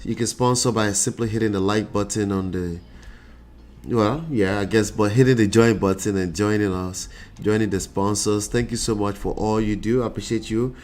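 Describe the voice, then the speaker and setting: A man's voice: on the low side, fairly even intonation, moderate pace, a little mellow. A man hosting a relationship talk livestream, chatting casually and greeting viewers by name while he sounds congested. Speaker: relationship coach and show host.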